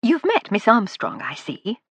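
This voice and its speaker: A woman's voice: fairly high pitch, huge pitch swings, unhurried, a bit bright, breathy edge, dry recording, voice pushed up, full character voice. A woman voicing a gracious, refined upper-class lady welcoming guests to her home.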